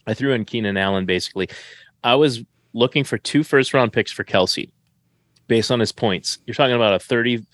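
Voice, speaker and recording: A man's voice: medium pitch, brisk, fairly bright tone, no echo. A man co-hosting a fantasy football show, chatting casually and correcting himself as he rambles. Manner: rambling, self-correcting, upbeat. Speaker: fantasy football podcast co-host. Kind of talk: casual chat.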